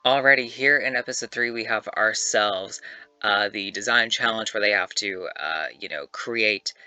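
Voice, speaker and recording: A young man and YouTuber giving casual, animated commentary to camera, chatty and swearing freely. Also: fairly low pitch, normal speed, clean tone, no room sound, faint music behind. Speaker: YouTuber ranking reality-show contestants.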